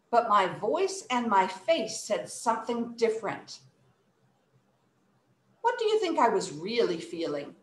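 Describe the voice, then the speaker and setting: A woman in her thirties teaching children an online poetry reciting lesson, acting out emotions with her voice. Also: fairly high pitch. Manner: animated, acts out emotions with her voice. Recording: echoey room.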